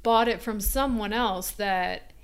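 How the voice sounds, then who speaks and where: A woman's voice: mid-range voice, takes it slowly. A woman host chatting casually, reacting and laughing along with her guest. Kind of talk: casual chat.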